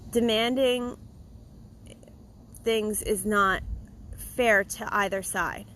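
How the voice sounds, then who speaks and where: A blunt, emphatic woman speaks her mind straight to the camera in a casual, opinionated monologue about her trade. Her voice sits in a middle pitch, and a little faint noise is heard behind her. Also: very slow, rough recording. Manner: animated, mocks complaints in a put-on voice. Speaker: dog groomer and video host.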